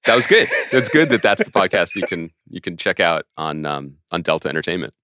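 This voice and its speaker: Animated low-voiced male podcast host. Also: fairly quick, no room sound, studio quality. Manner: animated, excitable storyteller with self-mocking asides. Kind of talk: casual podcast chat.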